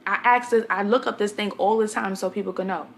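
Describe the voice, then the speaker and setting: A woman's voice: medium pitch, fairly even intonation, quick pace, gravelly, slight background noise. Blunt, chatty young woman vlogger. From Brooklyn, New York. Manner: chatty, blunt storyteller addressing viewers directly. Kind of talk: casual talk to camera.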